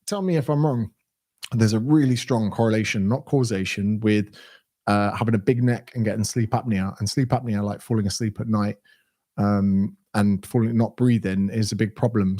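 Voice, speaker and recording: Blunt sweary English fitness coach. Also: male voice, on the low side, steady tone, fairly quick, warm tone. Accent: southern English. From England. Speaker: fitness coach answering viewer questions. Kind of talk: casual Q&A livestream.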